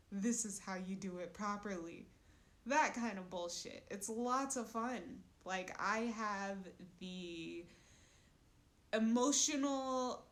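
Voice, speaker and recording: A woman's voice: fairly high pitch, fairly bright tone. A woman in her twenties chatting casually on a live stream, rambling and frank, often breaking into giggles. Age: 20s. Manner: giggly, laughs between sentences; loose and rambling, frank about crude topics.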